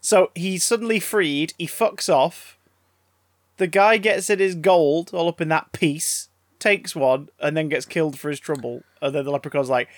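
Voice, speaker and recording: A man's voice: on the high side, normal speed, no echo. A man in casual chat, reacting with sarcastic disbelief and frequent swearing. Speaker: podcast co-host.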